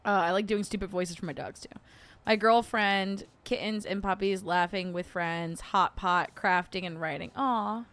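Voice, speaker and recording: A woman's voice: medium pitch, fairly even intonation, moderate pace, fairly bright tone. A young adult woman hosting a casual livestream, rambling with lots of fillers and frequent giggles. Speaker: host.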